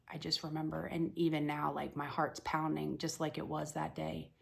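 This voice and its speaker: A woman's voice: low-pitched, completely flat delivery, normal speed, creaky, hardly any pauses. A woman telling a personal story to the camera in a plain, conversational way, full of "you know"s. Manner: plain, matter-of-fact retelling. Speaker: mother telling of a pregnancy loss.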